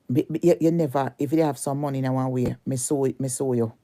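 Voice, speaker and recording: A woman's voice: very deep voice, fairly even intonation, a little fast, few pauses, dark tone. A Jamaican woman delivering a heated, cursing rant at a rival on social media, repeating her insults over and over.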